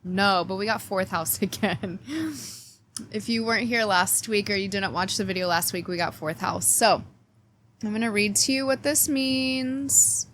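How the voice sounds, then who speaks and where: Slow-talking woman, chatty astrology host. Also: mid-range voice, a bit bright, slight background noise. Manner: chatty and playful, cheeky swearing, talks straight to viewers. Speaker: astrology reader and channel host. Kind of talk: casual weekly astrology forecast with card reading.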